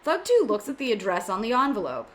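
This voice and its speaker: A woman's voice: on the high side, huge pitch swings, fast. A woman reading the stage directions aloud in an amateur script reading, adding joking asides as she goes.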